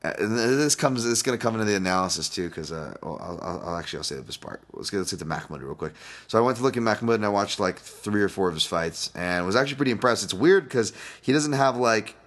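A deep-voiced man talks casually into the mic, hosting his own podcast. He rambles from point to point, drops curses freely and chuckles at his own jokes. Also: expressive, fast, a bit bright. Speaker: podcast host and fight analyst. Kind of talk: casual solo podcast breakdown.

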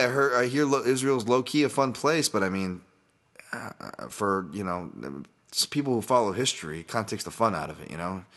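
With a mid-range, fairly bright voice, a fight analyst hosts his solo podcast. The chat is loose and profane, meandering along with many restarts.

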